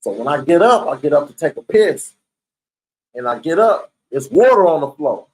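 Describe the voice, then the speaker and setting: A young man with a high voice tells a story in loose, profane street slang. He is animated and jumps into the voices of the people in it, then drops back into plain narration. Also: normal speed, poor audio. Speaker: storyteller recounting prison life. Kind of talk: casual storytelling.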